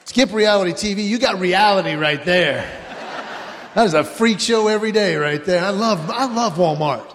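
A man's voice: high-pitched, normal speed, a bit bright, in a large hall, some chatter behind, slight background noise. A man doing stand-up comedy before a live audience, animatedly telling family stories.

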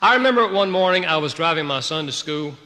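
A man preaching a sermon to a congregation, telling a personal story in an animated way, swinging between loud outbursts and hushed, quiet passages. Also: fairly high pitch, fast talker, in a large hall. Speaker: pastor.

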